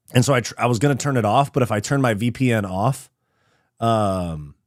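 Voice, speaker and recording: A man's voice: medium pitch, unhurried, dry recording, clean studio sound. A man from California, hosting a live fight watch party in a casual, slangy and profane way. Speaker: host.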